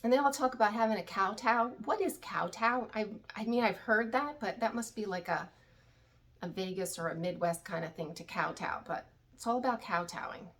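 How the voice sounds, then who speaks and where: A candid woman talks in a loose, chatty way, full of opinionated asides as she recaps a show for her channel. Her voice sits at an everyday middle pitch. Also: moderate pace, a bit bright. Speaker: reality TV recap YouTuber. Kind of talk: casual chat.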